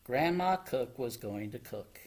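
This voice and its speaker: A man, a children's librarian, reading a picture book aloud from home in an animated, expressive storytelling voice. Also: mid-range voice, a little slow. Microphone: home recording.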